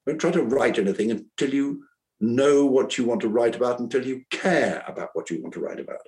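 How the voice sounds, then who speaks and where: On a rough recording, an older man speaks a little fast in a mid-range, slightly mellow voice. He's an author who used to teach school, talking reflectively in an interview, earnest and rambling, and he often restarts his sentences.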